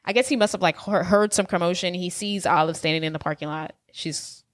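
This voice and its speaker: A woman with a lowish voice, recorded dry and close, recapping a film on a casual podcast. She tells the story wryly and chattily and chimes in on her co-host's lines. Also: a little fast, no room sound. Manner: wry, chatty storyteller who chimes in and laughs along. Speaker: podcast co-host. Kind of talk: casual movie recap chat.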